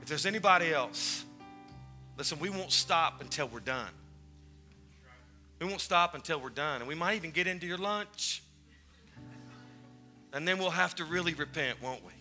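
A pastor with a high, very bright voice preaches to his congregation in a church sanctuary. He talks fervently and urgently and keeps circling back on his own words, with soft music playing under him. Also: lively intonation, normal speed, pauses often. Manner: fervent, urgent, repeats phrases. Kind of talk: sermon with altar call.

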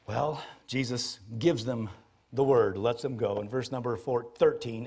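A man, a pastor, preaching a sermon in an animated, jokey storytelling manner. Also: mid-range voice, moderate pace, husky.

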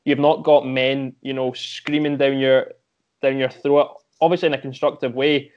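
A man's voice: medium pitch, level tone, moderate pace, a little mellow, highs cut off. A young Scottish man, a former footballer, talking casually as a podcast guest and often restarting his sentences with repeated words. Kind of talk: casual interview chat.

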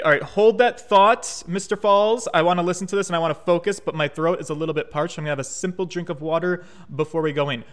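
A man's voice: on the high side, fast, hardly any pauses, fairly bright tone, soft background music. A man streaming a game, joking around and reading the dialogue aloud in a rambling, casual way. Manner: jokey, rambling, reads game text aloud. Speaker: let's play streamer.

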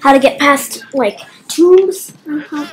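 Chatty high-voiced woman gaming. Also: takes it slowly, echoey room, slight background noise, rough recording. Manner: chatty, playful, talks to herself. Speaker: gamer. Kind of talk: casual gameplay commentary.

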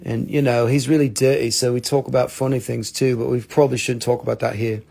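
Gravelly, jokey man hosting a live sale. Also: medium pitch, little pitch movement, fast, mellow. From North Carolina. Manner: jokey, rambling, self-mocking. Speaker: host of a live crystal sales stream. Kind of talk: casual live sales chat.

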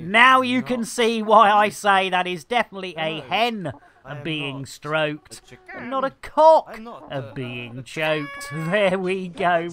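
A man's voice: high voice, sharp tone. A man streaming a game, full of playful innuendo banter and with a slight frog in his throat. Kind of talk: livestream commentary.

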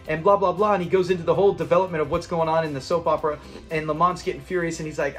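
A man with a notably high-pitched voice talks casually through an episode review. He rambles, laughs easily and slips into little acted-out quotes. Faint music plays underneath. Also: fast talker, a bit bright. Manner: chatty, rambling, often laughs, acts out scene quotes. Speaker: channel host reviewing a sitcom episode.

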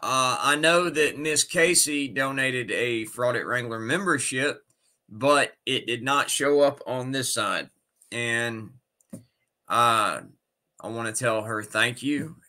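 A man's voice: medium pitch, slow, pushed and bright. A sick man hosting a casual livestream, greeting his viewers one by one by name. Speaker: livestream host.

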